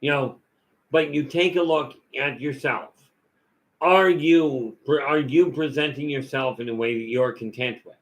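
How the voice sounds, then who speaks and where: A man's voice: mid-range voice, unhurried, low-quality recording. A man giving a rambling, folksy talk full of stories and asides as a vlog host. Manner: folksy, storytelling, many "you know" fillers.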